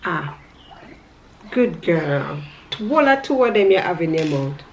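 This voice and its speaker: Slow-talking mom with lilt. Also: female voice, fairly low pitch, big pitch swings. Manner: playful, coaxing, laughs often. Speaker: vlogger mom. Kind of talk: casual home vlog, talking to her toddler. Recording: echoey room, faint background noise.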